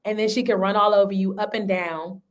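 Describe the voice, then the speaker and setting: A young adult woman and singer, a guest chatting casually and animatedly on a podcast, moving between loud bursts and softer asides. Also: medium pitch, fairly quick. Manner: animated, expressive, swings between loud and soft. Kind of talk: casual interview chat.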